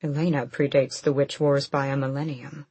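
A woman's voice: a bass voice, little pitch movement, moderate pace, mellow, slightly rough, no echo. A woman voicing a wry, thoughtful young king in an audiobook. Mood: musing.

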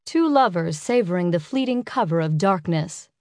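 A woman reading a first-person romance audiobook in an intimate, unhurried way. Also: on the low side, animated, darkish tone, no room sound, studio quality. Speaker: audiobook narrator.

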